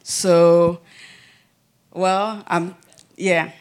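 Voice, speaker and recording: Woman for a church testimony, slow and earnest, halting delivery. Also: on the low side, little pitch movement. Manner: earnest, halting, with soft laughs. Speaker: church member giving a testimony.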